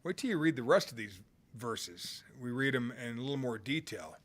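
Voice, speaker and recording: A man's voice: medium pitch, expressive, moderate pace. A man preaching a sermon, quoting scripture with earnest emphasis and rising bursts.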